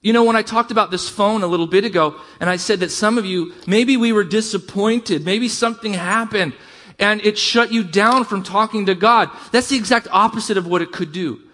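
A middle-aged man delivers a sermon in a fairly high voice. He preaches conversationally, with rising emphasis and quick asides. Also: fairly bright tone. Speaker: pastor.

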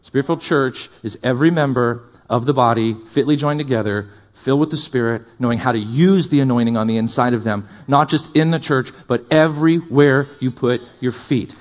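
A male pastor with a mid-range voice preaches a sermon fairly quickly, with few pauses. He's impassioned, building to loud, emphatic climaxes and slipping in quieter asides and jokes for the congregation.

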